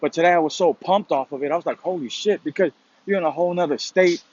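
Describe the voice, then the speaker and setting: A man with a somewhat high voice talks through a loose motivational monologue, circling his points with constant "you know"s and "pretty much"es and the odd curse. The recording is dull and lo-fi. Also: quick pace, a little mellow. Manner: rambling, fillers like "you know" and "pretty much", casual swearing. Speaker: motivational vlogger. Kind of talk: casual spoken monologue. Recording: dull lo-fi sound.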